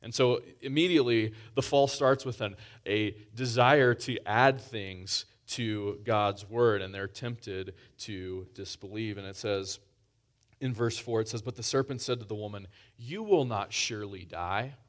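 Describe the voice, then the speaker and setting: A man's voice: fairly low pitch, unhurried. A man preaching a sermon in a conversational way, often restarting phrases and pushing up for emphasis.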